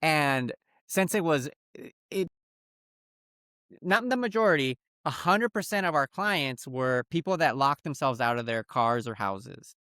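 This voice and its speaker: Man, podcast co-host, lively storyteller, slightly high voice, smooth, dry close sound. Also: unhurried, no room sound. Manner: animated, acts out his phone calls in put-on voices. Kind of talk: casual storytelling chat.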